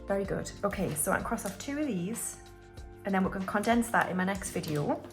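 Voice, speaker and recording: A budgeting vlogger from the United Kingdom chats casually with her viewers, calling them guys and counting banknotes aloud as she goes. Her mid-range voice is expressive and brisk, with music in the background.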